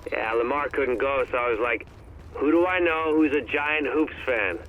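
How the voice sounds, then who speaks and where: A man's voice: medium pitch, moderate pace, fairly bright tone, a little hiss or hum, lightly acted, low-quality recording. An actor playing an ordinary man in game phone recordings, talking earnestly and conversationally. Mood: playful.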